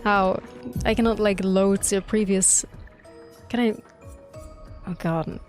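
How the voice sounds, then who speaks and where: A young woman streamer reacting live to a game, excitable and gushing, swearing freely. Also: medium pitch, slow. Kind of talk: live gameplay reaction commentary. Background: faint game music.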